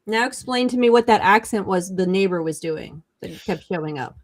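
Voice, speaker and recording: A woman's voice: medium pitch, animated, moderate pace, crowd noise. A woman co-hosting a podcast who chats casually and asks curious questions. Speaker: podcast co-host. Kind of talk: casual chat.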